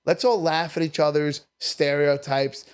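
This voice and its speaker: A man's voice: on the high side, fairly even intonation, measured pace, smooth. A man, a comedian chatting as a guest on a podcast in a brash, profane way. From Staten Island, New York. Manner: brash, profane, jumps between topics. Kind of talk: casual podcast chat.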